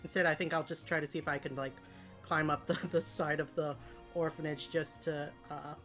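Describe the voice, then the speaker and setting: A woman's voice: low voice, level tone, brisk, fairly bright tone, faint music behind. A woman playing a tabletop game, talking in a hesitant way with many fillers. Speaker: player.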